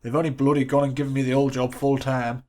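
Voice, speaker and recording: A man's voice: mid-range voice, level tone, fast, close to an everyday voice. A man voicing a panicky young football manager. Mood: frantic. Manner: frantic, pleading and loud.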